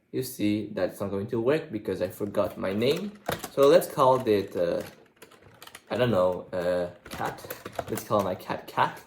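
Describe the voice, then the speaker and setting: A programming tutor reads code aloud as he types, his voice low-leaning and a little mellow. The screen-recorded coding tutorial was captured in an echoey room, with keyboard typing faintly audible in the background.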